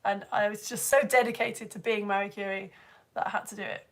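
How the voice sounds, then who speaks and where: A woman, hosting a live stream and chatting excitedly as she reads out viewer comments. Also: medium pitch, fairly quick, gravelly. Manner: chatty and excitable, bursts into laughter and squeals. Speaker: live show host reading viewer comments. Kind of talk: casual live-stream chat.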